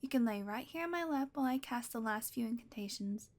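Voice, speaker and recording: A woman's voice: fairly high pitch, lively intonation, fast, close to an everyday voice. A woman voicing a doting, possessive yandere witch who coos baby talk at her pet, in a whispered role-play.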